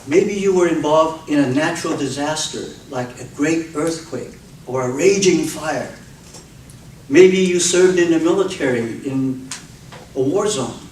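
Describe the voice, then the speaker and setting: A man delivers an unhurried, expressive speech, acting out the people in his stories with vivid voice changes. His voice sits a little high for a man. He is picked up from a distance in an echoey room, with faint ambience behind him. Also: a little hiss or hum. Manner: expressive storytelling, acts out cries and quotes. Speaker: public speaker. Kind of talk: speech on public speaking.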